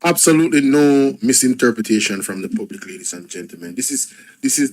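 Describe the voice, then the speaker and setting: A man's voice: on the low side, brisk, a little mellow, poor audio. A man, hosting a show and delivering angry, repetitive commentary on news clips. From Jamaica. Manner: angry, repetitive, emphatic ranting. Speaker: host.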